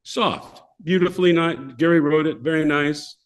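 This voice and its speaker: Older male guest, animated anecdote teller who voices the characters, mid-high pitch. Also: moderate pace. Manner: animated, acts out voices of people in his stories. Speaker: podcast guest. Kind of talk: casual storytelling.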